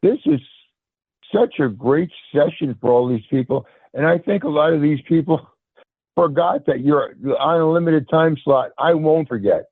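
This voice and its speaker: A man's voice: on the high side, normal speed, no echo. A man calling in, hesitantly telling a personal story and often restarting his words. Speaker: caller. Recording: phone line, dry and gravelly.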